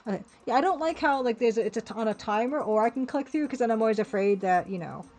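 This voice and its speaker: A woman's voice: a little high, expressive, fast, a little mellow. Chatty woman streamer over game music. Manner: chatty, self-interrupting. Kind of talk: casual game-play commentary.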